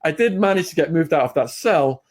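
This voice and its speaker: A man's voice: fairly high pitch, expressive, fairly quick. An English man, a podcast guest, telling a long story in a blunt, plain-spoken way with fillers and restarts. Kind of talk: casual storytelling.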